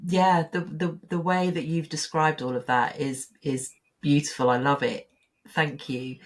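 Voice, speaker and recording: Encouraging woman interview host with a low voice. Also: flat delivery, unhurried. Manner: warm, encouraging, reacts with short affirmations. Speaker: podcast host. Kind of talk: interview chat.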